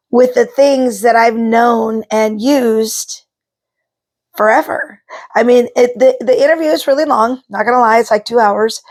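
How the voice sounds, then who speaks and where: A middle-aged woman talking casually to camera, chatty and rambling, with frequent ums and asides. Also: on the high side. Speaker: vlogger, psychic card reader.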